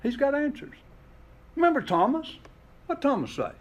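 A man's voice: extremely high pitch, big pitch swings, normal speed, muffled recording. A man preaching a sermon, asking rhetorical questions and voicing the scripture he quotes with expression. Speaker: pastor.

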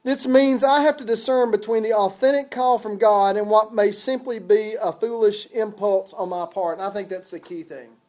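A man's voice: high-pitched, steady tone, normal speed, few pauses, a little mellow. A man preaching a sermon in a conversational, folksy way, with chuckles and casual asides.

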